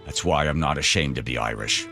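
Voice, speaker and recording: A man hosting a radio show, telling a wry family story and history in an animated monologue. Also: a bass voice, brisk, over loud music. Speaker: radio host. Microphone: studio microphone.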